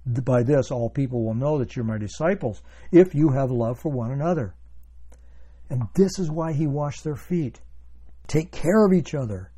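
A man's voice: a little high, warm tone, slightly rough. A man preaching a sermon as pastor, reading scripture and explaining it in an earnest, emphatic way. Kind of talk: sermon, Bible teaching.

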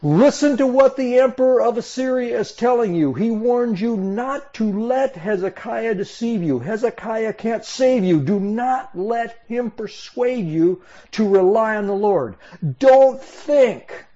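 A boastful Assyrian envoy taunting a city, as a preacher puts him on, his voice pushed up high and loud in mocking declamation. The tone underneath stays mellow and soft-edged. It sits on a dull, lo-fi recording. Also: big pitch swings, a little slow. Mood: commanding. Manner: taunting, declaiming, raised and forceful.

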